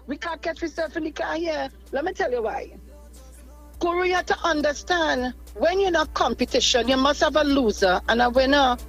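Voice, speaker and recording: An older Trinidadian grandmother calling a radio show by phone from her car, animated and scolding. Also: high voice, normal speed, faint music behind, rough recording. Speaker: caller. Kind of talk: call-in radio talk.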